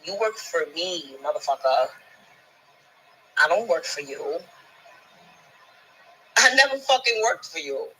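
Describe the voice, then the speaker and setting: A woman's voice: lowish voice, very animated, measured pace, pauses often, sharp tone, slight background noise, low-quality recording. A woman, ranting scornfully at someone, swearing constantly and stumbling over repeated words when she gets heated. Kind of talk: profane ranting monologue.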